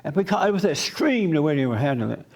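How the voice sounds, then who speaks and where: Male storyteller, fairly high voice, animated, acts out the people he quotes at a church gathering. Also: fast. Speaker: pastor and host.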